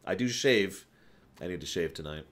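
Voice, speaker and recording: A man's voice: deep voice, animated, normal speed, fairly bright tone. A man hosting a casual livestream, talking through his opinions in a rambling way, with restarts and sighs. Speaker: streamer host.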